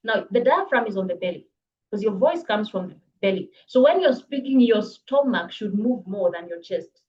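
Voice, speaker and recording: A woman coaching public speaking in a live online workshop, brisk and encouraging, reading viewers' comments aloud. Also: medium pitch, lively intonation, highs cut off, slight background noise. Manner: brisk, encouraging, reads chat comments aloud, laughs often. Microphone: video call.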